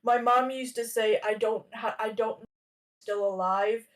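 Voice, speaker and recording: A woman's voice: on the high side, steady tone, moderate pace. A woman in her thirties tells a story in loose, casual chat, piling up fillers and restarting her sentences. She sits a little away from the microphone, so her voice comes across slightly distant. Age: 30s. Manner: rambling, many fillers and restarts. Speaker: podcast guest.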